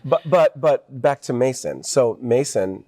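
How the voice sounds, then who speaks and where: A man's voice: medium pitch, animated, unhurried, dark tone. A middle-aged man, a podcast guest, talking earnestly and with some emotion about his family in a casual interview.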